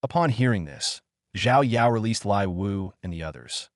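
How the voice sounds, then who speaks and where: A man reading a fantasy story aloud in an even, steady narration, lifting his voice slightly for the characters. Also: fairly low pitch, normal speed, no echo, clean studio sound.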